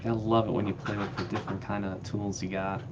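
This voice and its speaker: A man's voice: fairly low pitch, little pitch movement, brisk. A man hosting a live stream off camera, bantering playfully and mocking himself. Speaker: stream host. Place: off-camera, remote. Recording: dull lo-fi audio with clear background noise.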